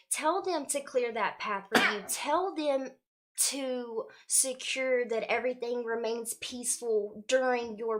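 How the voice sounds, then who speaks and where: A young woman who hosts a spiritual livestream, chatting casually and greeting viewers warmly by name with the odd swear word. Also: a little high. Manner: casual slangy speech, swears now and then. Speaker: spiritual livestream host and card reader.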